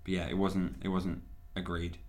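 A young man co-hosting a casual football podcast, asking blunt, quick questions. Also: deep voice, monotone. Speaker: podcast co-host. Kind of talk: casual chat.

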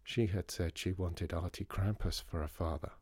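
Low, mellow storyteller. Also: male voice, husky, no echo, clean studio sound. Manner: calm, measured storytelling. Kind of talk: scripted story narration.

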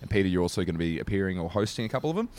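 A man's voice: deep voice, very animated, very fast, a little mellow, slight background noise. A young Australian man co-hosting a comedy podcast, wry and joking, trailing off into mumbles while explaining. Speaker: podcast co-host. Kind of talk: casual comedy podcast chat.

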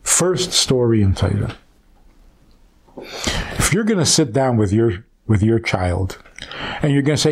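A rabbi speaks in a slightly husky voice, unhurried, with a lot of rise and fall in pitch. He retells an old story as a teaching and keeps stopping to ask his listeners rhetorical questions. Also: very animated.

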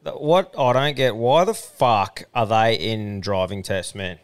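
Man, podcast co-host, crude laughing banter, smooth clear voice. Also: fairly low pitch, a little slow. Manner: crude, swears a lot, laughs often. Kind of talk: casual banter.

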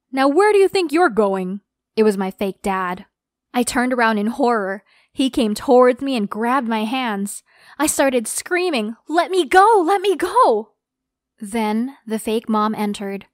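A woman's voice: mid-range voice, no room sound, studio quality. A woman narrating a dramatic first-person story in an earnest, dramatic telling.

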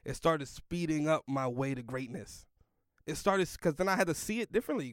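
Slangy, rambling young comedian, dry sound. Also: male voice, fairly high pitch, fairly quick, no room sound. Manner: loose, slangy, rambling, lots of "like" and "yo". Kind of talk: casual storytelling in a podcast chat.

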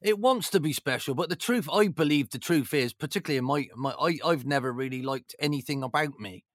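Bloke ex football manager, kinda high voice, dry close sound, rambly and jokey. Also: male voice, a little fast, dry recording. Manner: animated, rambling, jokey, many "you know"s. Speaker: former football manager, interview guest. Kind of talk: casual storytelling chat.

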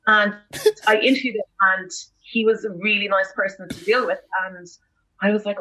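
Chatty Irish woman, bright tone. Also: medium pitch, a little fast, low-quality recording. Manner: animated, rambling storytelling with fillers. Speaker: podcast guest, entertainment interviewer. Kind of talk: casual chat.

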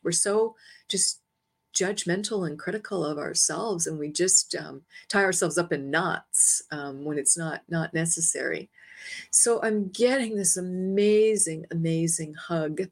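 A woman guest in an interview, telling a personal story in a lively way, laughing lightly between phrases and acting out her own past words. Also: fairly low pitch, a little slow. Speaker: interview guest, energy healer.

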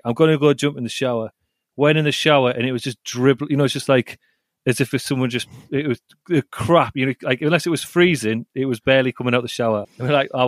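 A young man telling a long, rambling travel story on a podcast, packing his sentences with "like" and breaking into laughs as he goes. His voice sits in an ordinary middle pitch, recorded dry and close. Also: dry recording. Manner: rambling, says 'like' a lot, laughs while telling stories. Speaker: podcast co-host. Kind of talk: casual chat, storytelling.

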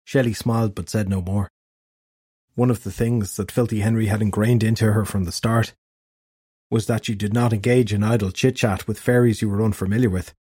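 Male narrator for fantasy audiobook; steady, husky, dry booth sound. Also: lowish voice, brisk, dry recording.

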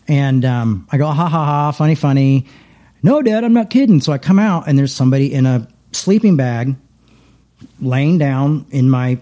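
A man's voice: mid-range voice, mellow. A middle-aged man, a pastor, talking casually in a rambling way, with many restarts and repeated words. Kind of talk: casual conversation.

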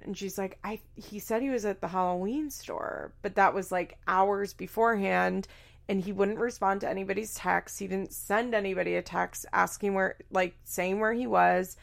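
A woman's voice: medium pitch, fairly even intonation, normal speed, gravelly. A woman hosting a casual recap, speaking bluntly, swearing freely and acting out quoted lines. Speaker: podcast host recapping a reality show. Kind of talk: casual commentary.

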